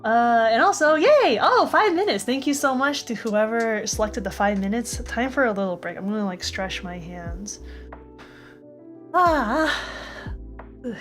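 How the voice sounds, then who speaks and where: A woman's voice: a little high, expressive, measured pace, faint music behind. A woman animator chatting casually on a live stream, upbeat and thanking viewers as she goes.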